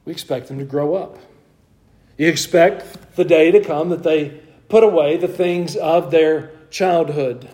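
A man's voice: on the high side, mellow. A male pastor giving an expository sermon, reading long scripture passages aloud and then explaining them with rhetorical questions. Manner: asks the congregation rhetorical questions.

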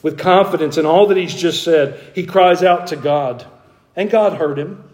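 Echoey preaching man, pitched high. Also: moderate pace, a little mellow. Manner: preaching with rising fervor, quoting scripture in old wording. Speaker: pastor. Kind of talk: sermon. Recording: echoey room.

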